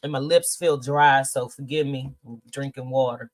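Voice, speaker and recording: Speaking at normal speed in a bass voice with fairly even intonation, a middle-aged woman hosts a podcast livestream, chatting casually and reading viewer comments. She's candid and emotional, swearing freely and sounding teary.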